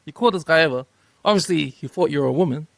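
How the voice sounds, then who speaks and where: A man's voice: a little high, quick pace, vocal fry, a bit bright, no echo. A man co-hosting a sports podcast, telling stories in a laid-back way, tagging lines with "eh". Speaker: podcast co-host. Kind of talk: casual storytelling chat.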